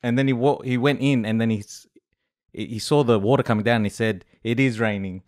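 A man hosts a podcast from a studio and chats casually at a middle pitch. He rambles through his story with frequent fillers and quick laughs, and the room sounds dry and close. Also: a little mellow, dry recording. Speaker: podcast host. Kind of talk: casual chat.

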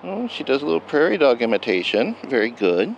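A man's voice: on the high side, very animated, quick pace, vocal fry, highs cut off, slight background noise. A man presenting adoptable shelter dogs in an upbeat, chatty, playful way, as scripted narration for an adoption video. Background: background music.

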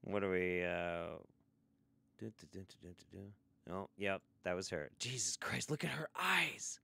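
A man's voice: sits low, fairly even intonation, a little slow, gravelly, fairly bright tone, no echo. A man hosting a casual livestream, sarcastic, swearing freely and laughing often. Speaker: livestream host.

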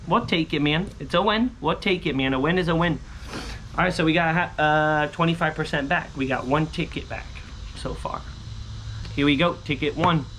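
A young man chatting through a scratch-off lottery vlog, repeating catchphrases and breaking into high excited yells. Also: normal speed, a little hiss or hum. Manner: bursts into high shouts and sing-song yells when winning; chatty, repeats catchphrases like "holy smokes" and "booyah". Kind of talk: casual excited vlog commentary.

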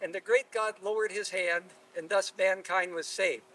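A man telling a folk tale aloud in an unhurried, relaxed way. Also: high-pitched, creaky. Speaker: storyteller. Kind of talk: live oral storytelling. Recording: distant mic at live telling.

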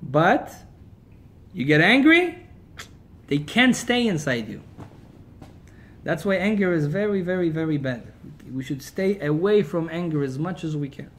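Brief: rabbi lecturing, lively storyteller, higher male voice. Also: measured pace, pauses often. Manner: animated storyteller, swings between loud and quiet.

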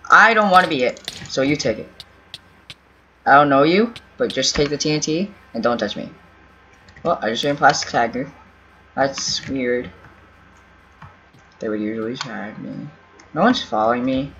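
A gaming YouTuber speaks in a bright, forceful medium-pitched voice at a moderate pace, pausing often as he rambles over his gameplay. He talks to himself and pleads with and teases other players. The dull lo-fi recording has faint game music, keyboard typing, and a little hiss or hum.

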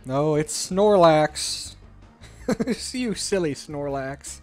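A man's voice: fairly high pitch, animated, takes it slowly, soft background music. A man hosting a let's play, joking casually over his gameplay in a playful, slightly put-on British manner.

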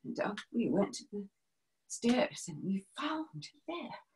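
A woman's voice: mid-range voice, sing-song, low-quality recording. A woman playing a brave wartime helper. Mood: grave. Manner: grave, measured, drops to hushed whispers. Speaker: stage performer. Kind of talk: first-person dramatic monologue.

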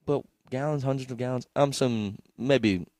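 A man co-hosting a comedy podcast, telling a story with plenty of swearing and laughter. His voice sits at a mid pitch and is recorded close and dry, with no room echo. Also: brisk, darkish tone. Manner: storytelling, profane, laughing often. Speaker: podcast co-host. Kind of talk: casual comedy chat.

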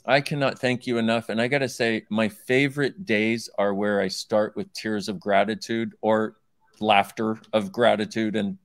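A man's voice: on the low side, steady tone, normal speed, dry recording. Playful earnest man, dry close sound. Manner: playful, warm-hearted, earnest gratitude. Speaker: guest speaker. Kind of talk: casual conversation.

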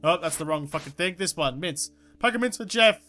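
A woman giving excitable, swear-filled let's-play commentary, talking to herself and the game. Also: on the low side, fairly quick. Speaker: gaming YouTuber. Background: game music.

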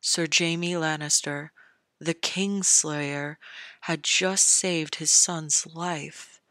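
A narrator reading a fan fiction audiobook in a measured storytelling manner, close to the mic. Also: medium pitch, pushed and bright, no echo. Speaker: podfic narrator.

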